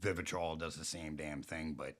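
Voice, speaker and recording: A man's voice: rumbling low, fairly even intonation, moderate pace. A man who is a guest on a podcast, talking in blunt, clipped casual chat.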